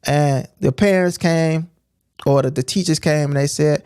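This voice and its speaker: A man with a fairly high voice gives informal preaching on a livestream, punchy and repetitive, often pausing to ask "right?". His voice is close and dry, with no room sound. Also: a little mellow, clear, resonant tone, no room sound. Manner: emphatic, repetitive, keeps asking "right?". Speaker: streamer teaching scripture.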